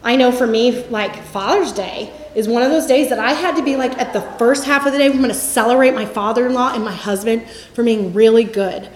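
A woman in her forties with a high voice teaches from the Bible, telling lively stories. Her voice rings in an echoey room. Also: brisk, hardly any pauses, a little hiss or hum. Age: 40s. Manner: lively storytelling, acts out quotes with laughs. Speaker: campus ministry speaker.

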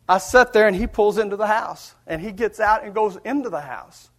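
Folksy high-voiced preacher man. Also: moderate pace, few pauses. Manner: folksy, earnest storytelling with chuckles. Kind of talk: storytelling sermon.

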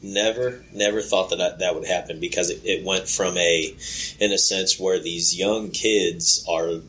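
Man youth minister, deep voice, earnest, stumbles over words. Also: steady tone, bright, forceful tone, rough recording. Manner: earnest, halting, many fillers. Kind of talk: workshop talk. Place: conference room.

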